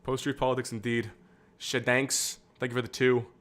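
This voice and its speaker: A man's voice: mid-range voice, level tone, normal speed, fairly bright tone. A young man streaming casual political commentary, rambling and candid, with frequent fillers and restarts.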